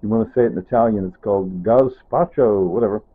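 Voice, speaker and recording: Speaking very fast in a lowish, steady, slightly rough voice, a vlogger narrates casually from his home kitchen, drifting off topic and tailing off with "anyway" and "whatever." It sounds tinny and phone-like.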